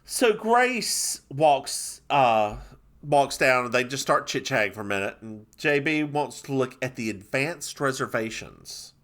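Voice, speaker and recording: Lively, bright-voiced male podcast co-host. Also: mid-range voice, measured pace. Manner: playful, giggly, mock-dramatic retelling. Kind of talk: casual chat recapping a TV episode.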